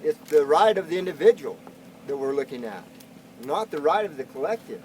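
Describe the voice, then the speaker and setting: A man with a slightly raised pitch and a drawl speaks as a rancher at an outdoor press conference. He talks in a folksy, earnest way and pushes his points emphatically. Faint outdoor noise sits under the voice. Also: big pitch swings, a little fast, a little mellow, rough recording. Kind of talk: outdoor press statement answering reporters.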